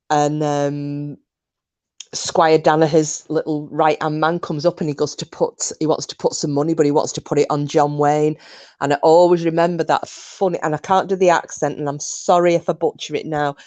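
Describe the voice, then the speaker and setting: Woman, low voice, rambling, casual live-stream chat, lots of fillers. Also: darkish tone. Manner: chatty, rambling, many restarts and fillers. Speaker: livestream host.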